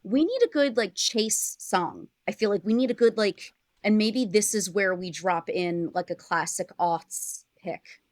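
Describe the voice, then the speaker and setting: A woman's voice: mid-range voice, unhurried, dry recording, clean studio sound. A woman guest on a podcast, brainstorming in a rambling, casual way, full of "like" and laughter. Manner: rambling, heavy use of "like", laughs often.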